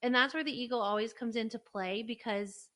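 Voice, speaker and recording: A woman's voice: a little high, brisk. Casual woman podcast co-host. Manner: relaxed, explaining, frequent "like" fillers. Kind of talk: casual chat.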